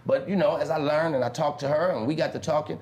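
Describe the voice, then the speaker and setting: Talking fast in a slightly high, darkish voice with fairly even intonation, an interviewed pimp tells animated stories packed with swearing and impressions of other people. The interview clip is reverberant and is being played on a stream.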